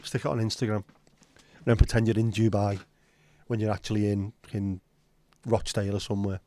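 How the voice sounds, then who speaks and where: A man's voice: on the low side, flat delivery, brisk, warm tone, no echo. A man, hosting a casual livestream chat with sweary, sardonic rants. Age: 50s. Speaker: livestream host.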